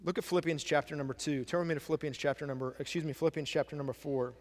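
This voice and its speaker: A man's voice: fairly high pitch, fairly even intonation, very fast, big-room sound. A male pastor giving a sermon, repeating key phrases and asking the congregation questions. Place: church sanctuary.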